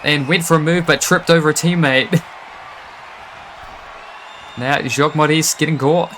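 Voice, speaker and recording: A man calling a wrestling match live, excitable and quick to laugh and exclaim. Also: fairly high pitch, some chatter behind, a little hiss or hum. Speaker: wrestling commentator. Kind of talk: live play-by-play commentary.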